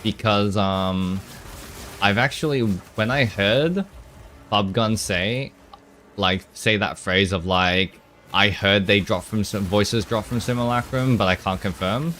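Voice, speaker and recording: A man with a lowish voice talks casually to his live-stream chat, reacting to comments and breaking into laughs between quick, loose sentences. A faint hum of ambience sits under his voice. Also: fairly bright tone. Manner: chatty, answers chat with laughs and restarts.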